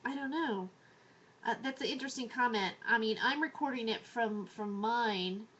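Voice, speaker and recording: High, bright-voiced woman hosting a radio show. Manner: halting, with many fillers and restarts. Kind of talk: casual radio talk and reading news aloud. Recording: muffled internet radio audio with faint hiss.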